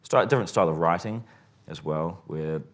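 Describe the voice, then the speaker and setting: A man answering interview questions as a filmmaker, relaxed and rambling, often restarting his sentences. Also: low-pitched, brisk. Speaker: filmmaker guest.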